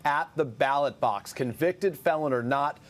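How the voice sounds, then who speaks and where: A man reporting as a political correspondent on a news broadcast, crisp, slowing down to read quotes. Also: a little high.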